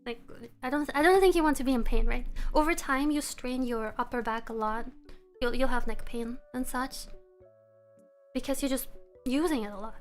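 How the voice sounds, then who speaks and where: High-voiced woman chatting on a livestream. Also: moderate pace, soft background music. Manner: chatty and relaxed, laughs often, talks to her chat. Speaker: live streamer. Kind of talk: casual live-stream chat. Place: room at home.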